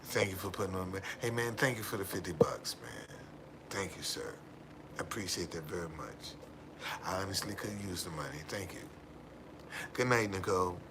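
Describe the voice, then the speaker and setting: Against a noisy background, a man from the United States speaks at normal speed in a low register while hosting a livestream. His story for viewers rambles, with repeated words and plenty of hearty laughs.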